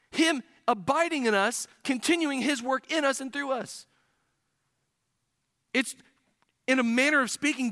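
A man's voice: very high voice, bright, forceful tone, dry recording, studio quality. A man preaching a sermon in church, earnest and building to emphatic points.

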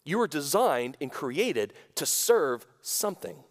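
A male pastor delivers a conversational sermon with a slightly high voice, restarting phrases before pressing down on his main points. His voice rings with the long reverb of a church sanctuary. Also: slow pace, hardly any pauses. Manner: conversational, self-correcting, lively emphasis.

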